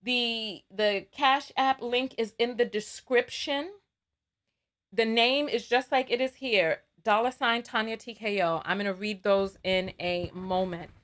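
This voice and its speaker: A woman's voice: on the high side, a little slow, fairly bright tone. Fired-up woman hosting a live stream. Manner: heated, indignant, repeats herself. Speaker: livestream host.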